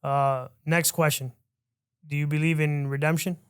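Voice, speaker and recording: A male podcast host who keeps things easy and lets his guest talk. His voice is smooth and clear, a little high for a man, and held to a flat, even tone. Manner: easygoing, reacts briefly, asks questions slowly. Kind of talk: interview.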